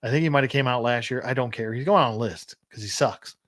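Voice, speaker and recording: A man's voice: medium pitch, fast talker, low-quality recording. Rambling man reviewing toys. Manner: rambling, blunt, repeats and restarts while complaining. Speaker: action figure collector and channel host. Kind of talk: casual livestream toy review.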